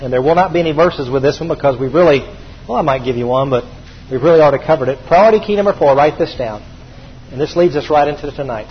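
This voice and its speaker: A man's voice: on the high side, quick pace. A male preacher telling stories in a sermon, emphatic and repeating his key phrases. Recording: dull recording with faint background hiss.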